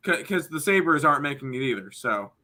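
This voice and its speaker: A man co-hosting a betting show in casual chat, his voice a little high and strikingly bright. He throws in dry wisecracks. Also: big pitch swings, brisk. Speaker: sports betting show co-host.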